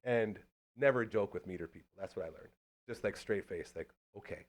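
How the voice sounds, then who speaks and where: A man hosting a casual local podcast, telling stories in a hyped, cheering way. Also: fairly low pitch. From Canada. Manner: fast, hyped storytelling with lots of cheering. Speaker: podcast host.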